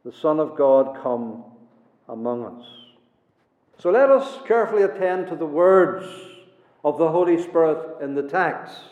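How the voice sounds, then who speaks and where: A man's voice: on the high side, animated, measured pace. A man preaching a sermon, emphatic and repeating his key words for weight. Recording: echoey hall, dull lo-fi sound.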